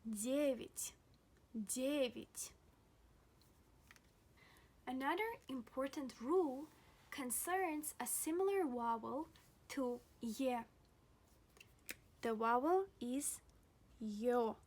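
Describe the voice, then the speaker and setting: A young woman teaching a pronunciation lesson, speaking slowly and deliberately and repeating each example word several times. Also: sits high. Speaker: language teacher.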